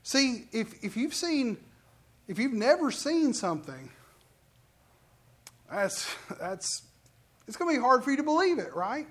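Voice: medium pitch, unhurried, pauses often. Pastor, conversational sermon, quizzes the congregation, church sanctuary. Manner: conversational, animated preaching, questions the congregation.

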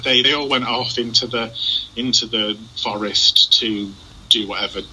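A man co-hosting a podcast in casual chat, halting with many ums and restarts, with a dry sense of humour. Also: mid-range voice, steady tone, sharp tone, a little hiss or hum, poor audio. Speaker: podcast co-host.

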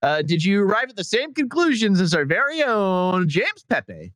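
A man's voice: high voice, huge pitch swings, moderate pace, fairly bright tone, no echo. A man hosting a podcast in casual comic chat, joking and laughing often. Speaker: podcast host.

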